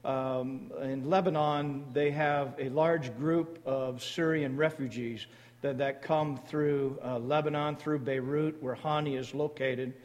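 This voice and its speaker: A man speaking to a church congregation about his mission board, halting often with fillers and restarts. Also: mid-range voice, steady tone, darkish tone. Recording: long hall reverb.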